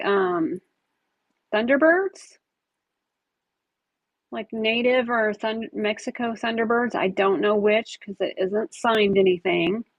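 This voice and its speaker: This online jewelry seller hosts a live auction, describing pieces in a relaxed, talkative way as she handles them. Her gravelly, fry-tinged voice sits at a medium pitch. The sound is close and dry without echo, though the recording is muffled.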